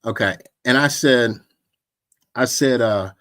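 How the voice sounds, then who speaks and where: A man preaching in a loose, storytelling way, animated and mocking, often acting out what others said. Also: on the high side, a little slow. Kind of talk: informal sermon with storytelling.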